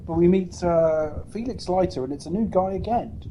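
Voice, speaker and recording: A man talks through a film plot in a casual podcast chat. His voice sits at an ordinary pitch with a warm, mellow tone, and a faint hiss lies under it. He drops dry asides as he goes. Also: normal speed, low-quality recording. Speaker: podcast co-host.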